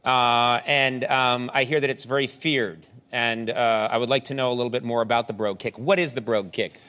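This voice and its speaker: A man hosting a late-night talk show, bantering quickly with mock indignation and playful teasing. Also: medium pitch, steady tone. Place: television studio. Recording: loud studio audience and noise.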